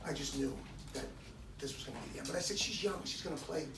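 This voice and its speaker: This is a dog owner's emotional community talk at an indoor hair salon, delivered fast in a slightly high voice to a crowd of listeners as he tells a personal story and animatedly acts out what people said. The distant, reverberant mic gives poor audio.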